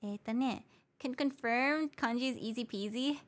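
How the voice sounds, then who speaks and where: A woman's voice: a little high, normal speed. A woman from Hawaii, a VTuber streamer, chatting casually with viewers and answering their comments, switching between English and Japanese mid-sentence and patiently repeating her points. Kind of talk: casual livestream chat, reading viewer comments.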